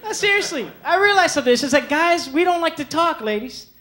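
A young man doing a stand-up comedy set on a club stage, animated, slipping into quick voices for the people he quotes, with audience laughter behind him. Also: very high voice. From Mexican heritage. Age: young adult. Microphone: handheld stage mic.

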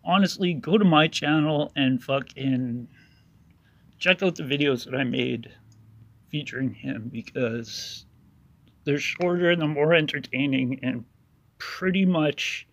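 A man's voice: on the high side, a little slow, fairly bright tone, no room sound. A man giving an angry, sarcastic voice-over commentary with heavy swearing, ranting about an online rival. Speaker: YouTuber narrating over a video.

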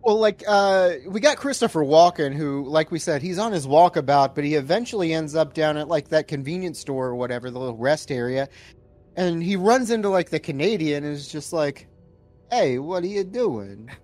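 A man co-hosting a casual movie-review podcast, jokey and quick to laugh. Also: on the high side, darkish tone, faint music behind. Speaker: podcast co-host.

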